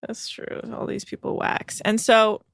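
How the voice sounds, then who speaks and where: A woman's voice: fairly high pitch, flat delivery, measured pace, creaky, a bit bright, dry recording. Chatty sarcastic woman, dry sound. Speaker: podcast co-host recapping a reality show. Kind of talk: casual recap chat.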